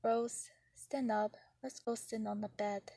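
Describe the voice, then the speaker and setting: A woman's voice: on the high side, fairly even intonation, slow pace, vocal fry, mellow, dry recording, clean studio sound, exaggerated voice. A woman voicing a strict but caring middle-aged mother in a storybook reading, speaking firmly. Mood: quiet. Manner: firm, pointed.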